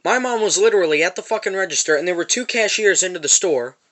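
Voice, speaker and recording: Angry storytime vlogger, man, high bright voice, swears constantly. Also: expressive, quick pace. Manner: profane, repetitive storytelling. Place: parked van.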